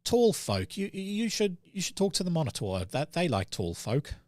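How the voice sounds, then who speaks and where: A man voicing a forgetful, dazed old male gnome hermit in a tabletop game, stammering and rambling in a raised, lively voice. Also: a little high, moderate pace, no room sound, pitched above the performer's own voice. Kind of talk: tabletop role-play character voice.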